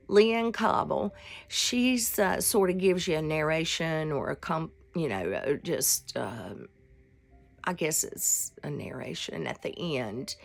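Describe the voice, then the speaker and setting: Female vlog host, 60s, unhurried pace, a bit of vocal fry, heartfelt and wandering devotional talk. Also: low voice. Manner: rambling, heartfelt, with fillers.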